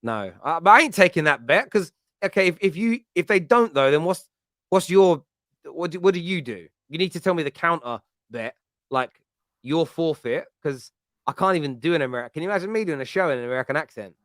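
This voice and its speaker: A man's voice: a little high, animated, fairly quick, a bit bright, no room sound, clean studio sound. A man, hosting a casual football chat and telling rambling, jokey stories. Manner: chatty, rambling, jokey storytelling. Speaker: podcast host.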